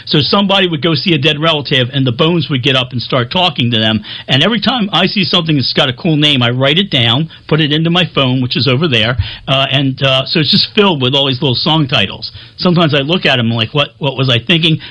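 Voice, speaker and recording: A man's voice: a little high, lively intonation, fast, hardly any pauses, bright, forceful tone. A man from Philadelphia hosting his own music show, talking to camera in a chatty, rambling, self-deprecating way full of fillers and restarts. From Philadelphia, USA. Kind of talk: rambling casual to-camera talk.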